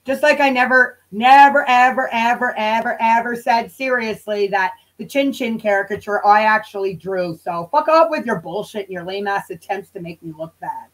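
A woman's voice: mid-range voice, normal speed, fairly bright tone, low-quality recording. A woman hosting a casual commentary stream, sarcastic and swearing often, rambling and talking straight to her viewers. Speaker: channel host.

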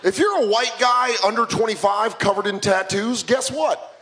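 A man's voice: high voice, moderate pace, pushed and bright. A young man in his twenties performing a stand-up comedy set, self-mocking and punchy.

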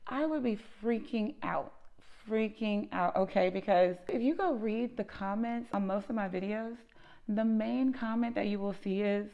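A woman who runs a lice treatment business, telling an animated, emphatic storytime vlog and often tagging her points with "okay?". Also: medium pitch, normal speed, vocal fry, dull audio.

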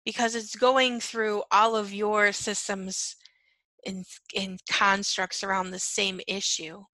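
A woman's voice: medium pitch, level tone, slow pace, pushed and bright, dry recording, rough recording. A woman teaching on empathy in an earnest monologue, repeating key phrases and checking in with "right?" and "okay". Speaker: empath coach.

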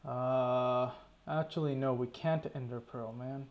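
A man's voice: mid-range voice, fairly even intonation, slow pace, muffled recording. A man casually commentating his own gameplay, talking to himself, stressed, annoyed and swearing often. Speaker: gaming channel host. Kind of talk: casual let's play commentary.

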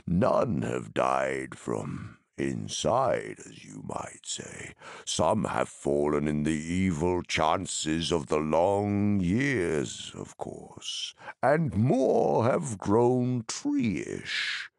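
A man reading an audiobook, voicing an ancient, slow-spoken male tree giant in a deep, creaky rumble. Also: sing-song, no room sound, clean studio sound, full character voice. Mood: ponderous. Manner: slow, ponderous, sorrowful.

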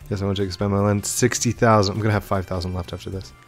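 Excitable young man narrating gameplay. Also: on the low side. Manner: chatty and excitable, often gasping and exclaiming. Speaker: gaming channel host. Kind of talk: live gameplay commentary.

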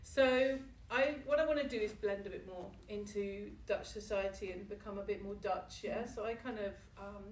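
A woman's voice: medium pitch, normal speed, hardly any pauses, a little hiss or hum. A British woman with a British accent giving a comic, self-mocking talk to a live audience, laughing often. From Britain. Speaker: book launch speaker. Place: room with a small live audience. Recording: echoey room from far off.

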